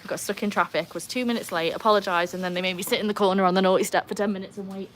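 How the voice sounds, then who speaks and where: A woman's voice: racing, slight background noise. A British woman hosting a casual livestream by the pool, chatting, rambling and reading out viewer comments. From Britain. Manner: chatty, rambling, self-mocking, talks to her dogs in a high excited voice. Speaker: livestream host. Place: outdoors by a pool with dogs.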